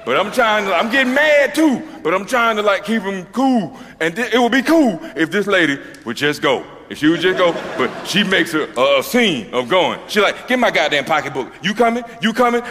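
A man's voice: a little high, in a large hall. A middle-aged man from Georgia with a Southern US accent, telling a loose, profane stand-up story on stage. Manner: loose, profane, animated, acts out voices. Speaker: stand-up comedian.

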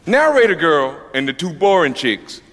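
A man's voice: fairly high pitch, big pitch swings, normal speed, a bit bright. A man doing a profane stand-up routine, mocking the story and acting out its characters. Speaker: stand-up comedian. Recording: long reverb of a hall, faint noise.

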